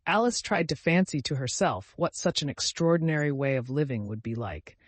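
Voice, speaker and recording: A man narrating a storybook audiobook in a measured, even way. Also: on the high side, husky, no echo.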